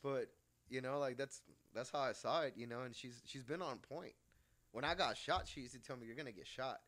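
A man's voice: mid-range voice, fairly quick, fairly bright tone. A middle-aged man, a tattoo artist guest, chatting casually, swearing freely and laughing through his stories. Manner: profane, laughs often, storytelling. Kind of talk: casual chat.

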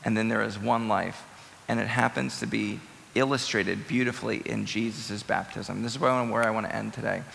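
A man's voice: fairly low pitch, fairly even intonation, brisk, creaky, a bit bright, slight background noise. A man preaching a sermon as pastor, emphatic and conversational, repeating phrases for weight. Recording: reverberant hall.

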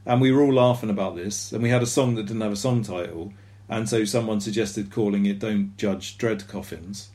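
A man's voice: fairly low pitch, moderate pace, dark tone. A man co-hosting a podcast in casual chat, rambling and self-deprecating with lots of fillers. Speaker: podcast co-host.

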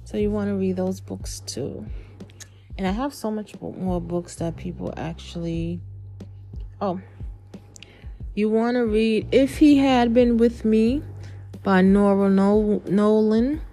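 A woman's voice: medium pitch, takes it slowly, pauses often, warm tone, faint music behind. A woman hosting a podcast and recommending books in a casual chat. She talks in a loose, chatty way with many fillers, and her voice is dry and fading from talking too much. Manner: chatty, filler-heavy, spells out names. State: losing her voice, dry throat. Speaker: podcast host.

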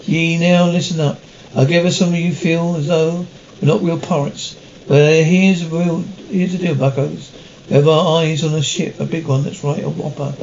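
Theatrical pirate captain, slightly raised voice, muffled TV sound. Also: male voice, fairly high pitch, fairly even intonation, normal speed, creaky, a little mellow, slight background noise. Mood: rousing. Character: male pirate captain addressing his crew. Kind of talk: scripted TV comedy acting.

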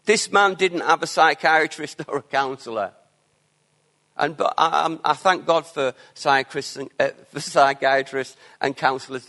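A preacher from delivers his sermon in a somewhat high-pitched male voice. He builds earnestly to emphatic declarations, then drops into softer, quieter asides to the congregation.

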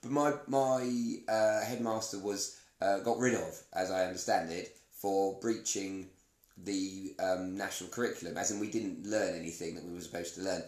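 A man's voice: low voice, steady tone, moderate pace, a little mellow. A man hosting a podcast in casual chat, rambling and playful, often cutting himself off. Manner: rambling, self-interrupting, playful. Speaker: podcast host. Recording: roomy echo.

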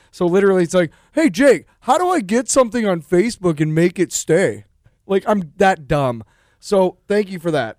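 A man's voice: a little high, darkish tone, no room sound, clean studio sound. A man co-hosting a podcast, talking in a loose, profane, rambling way. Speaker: podcast co-host and musician. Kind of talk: casual podcast chat.

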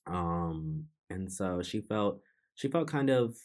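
A man with a very low voice recounts a personal memory for his podcast. He speaks earnestly and reflectively, often stopping to restart and repeating phrases as he works through it. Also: animated, takes it slowly, a little mellow. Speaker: podcast host. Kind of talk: personal storytelling monologue.

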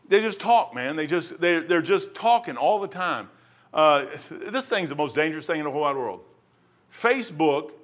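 A middle-aged preacher with a slightly high-set voice delivers a loose, conversational sermon. His talk is folksy and rambling, full of asides and stories before he comes back to scripture. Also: fairly bright tone. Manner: folksy, rambling, wanders off topic into anecdotes. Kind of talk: casual sermon.

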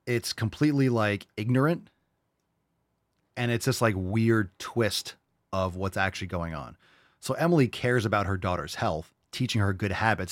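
A man's voice: fairly low pitch, a little fast, no echo, studio quality. A young adult man hosting a podcast, answering listener questions in a blunt, heated, profane rant and mocking other people in a raised voice. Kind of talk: casual rant.

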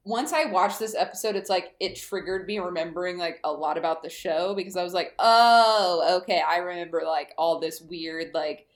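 A woman's voice: lowish voice, steady tone, fairly quick, few pauses. A woman casually recapping a kids' TV episode on a podcast, chatty with lots of fillers. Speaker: podcast co-host. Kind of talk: casual chat recapping a TV show.

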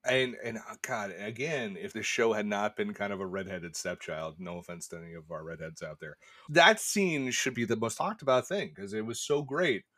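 A man's voice: fairly low pitch, normal speed, fairly bright tone, no echo, clean studio sound. A man in a casual review podcast, talking enthusiastically and animatedly and swearing casually.

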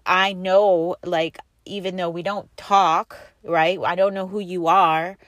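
A middle-aged woman with a low voice chats her way through a casual podcast episode. She rambles cheerfully from one story to the next, leaning on "like" as she goes. She records from inside a parked car, and the sound is close and dry. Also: flat delivery, takes it slowly, fairly bright tone, no room sound. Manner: rambling, upbeat storytelling with many "like" fillers. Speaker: podcast host. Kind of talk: casual chatty podcast monologue.

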